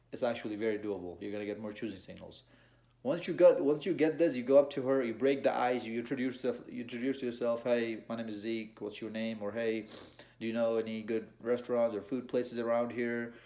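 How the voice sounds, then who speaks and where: A young man talks straight to his viewers in a loose, conversational way. He is mid-pitched, repeats words and restarts his sentences as he goes. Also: warm tone. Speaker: dating advice vlogger. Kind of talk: casual advice monologue to camera.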